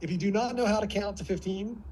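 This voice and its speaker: Animated male speaking coach, slightly high voice. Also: fast talker, slight background noise, rough recording. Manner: shifts vocal tones to demonstrate, drops to near whisper. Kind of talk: live online workshop teaching.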